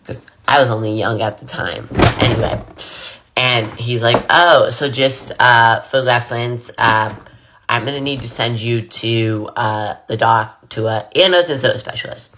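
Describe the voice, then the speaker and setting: A man's voice: medium pitch, a little slow, sharp tone, slight background noise. A young man casually telling a personal story while getting ready, rambling with lots of fillers and repeated "blah, blah.". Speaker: vlogger.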